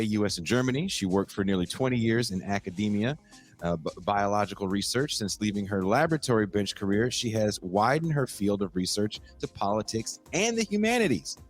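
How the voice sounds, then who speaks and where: Animated male podcast host, low voice. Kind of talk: casual podcast chat and guest introduction.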